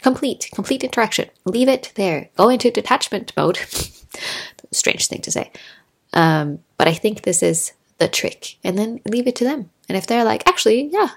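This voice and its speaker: A woman in her thirties hosting a solo podcast, talking in a chatty, animated way and acting out little quotes as she tells stories. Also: medium pitch, normal speed, gravelly, slightly rough. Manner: chatty, animated storytelling with laughs and acted-out quotes. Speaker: podcast host. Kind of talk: casual solo podcast monologue. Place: Norway.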